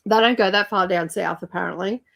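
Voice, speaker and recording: A woman's voice: medium pitch, a little fast, vocal fry, a bit bright. A woman hosting a livestream, chatting casually and rambling with lots of fillers while she reads viewer comments. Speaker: livestream host.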